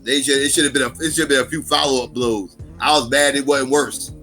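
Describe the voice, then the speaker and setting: A man hosting a casual livestream, telling stories in a profane, animated way and mocking people with put-on quotes. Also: mid-range voice, quick pace, faint music behind. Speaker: stream host.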